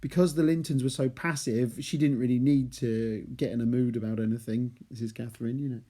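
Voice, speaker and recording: A warm-toned man with a medium-pitched voice speaks briskly, with fairly even intonation. As a literature teacher, he gives a chatty chapter analysis, reading passages and explaining them with playful asides.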